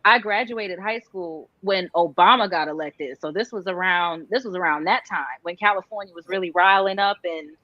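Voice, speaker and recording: A woman's voice: lowish voice, normal speed, few pauses, no room sound, dull audio. A woman, chatting reflectively with lots of fillers as a guest. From New York. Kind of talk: casual chat.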